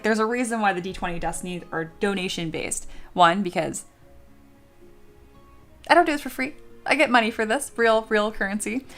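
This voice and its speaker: A young woman streamer chatting casually with her viewers, swearing and playing up dramatic mock outrage. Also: medium pitch. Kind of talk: casual live-stream chat.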